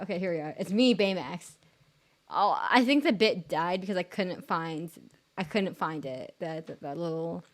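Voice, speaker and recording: A young woman streamer chats loosely with her viewers, and her pitch swoops up and down. She rambles and restarts her sentences, fills them with little words, and giggles at herself. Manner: rambling, filler-heavy, giggly, self-deprecating. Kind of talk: casual live-stream chat.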